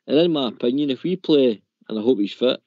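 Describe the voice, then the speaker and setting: A man's voice: mid-range voice, expressive, fast talker, warm tone, no echo, lo-fi sound. A man hosting a casual football phone-in show, talking tactics in an opinionated way and stumbling over his words. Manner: opinionated, repeats words, says "mate" and "in my opinion". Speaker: phone-in host.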